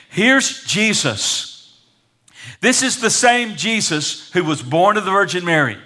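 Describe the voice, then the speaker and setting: High, bright-voiced preacher man. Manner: preaching with call-and-response, building to loud climaxes. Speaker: pastor. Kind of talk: sermon. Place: church sanctuary.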